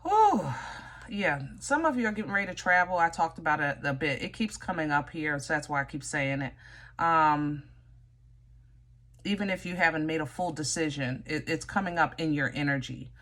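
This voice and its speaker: A woman's voice: low voice, animated, moderate pace, a bit bright. A woman giving a casual tarot reading to viewers, chatty and direct, often teasing with "you know?" and "okay?". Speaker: tarot reader.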